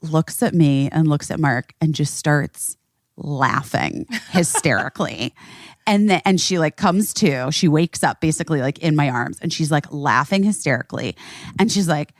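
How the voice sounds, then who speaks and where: A middle-aged woman hosting a podcast, telling a story in casual chat, animated and swearing freely. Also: sits low, moderate pace, dry recording, studio quality. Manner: animated, swearing, acts out quotes. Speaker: podcast host.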